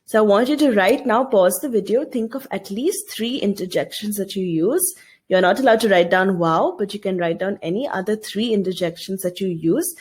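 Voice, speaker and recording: A woman's voice: mid-range voice, normal speed, a little mellow, breathy edge. A woman teacher giving a recorded video lesson, reading a story aloud and explaining it, often asking her students questions.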